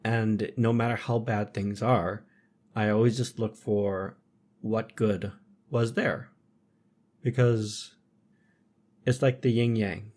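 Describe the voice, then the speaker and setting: Reflective man speaking in measured statements. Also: fairly low pitch, darkish tone. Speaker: podcast guest. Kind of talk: casual conversation.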